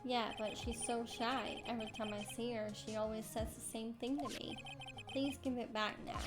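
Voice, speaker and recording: A woman's voice: a little high, fairly even intonation, moderate pace, lightly acted. A woman voicing a naive, lovestruck young male student from a video game, talking in an earnest, stammering way. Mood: smitten. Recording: game music behind.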